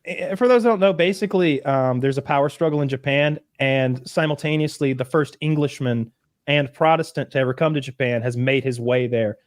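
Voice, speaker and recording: Animated man telling stories on a podcast. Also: mid-range voice, brisk, no room sound, clean studio sound. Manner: animated storytelling, acts out quotes in loud bursts. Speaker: podcast co-host. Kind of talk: casual chat.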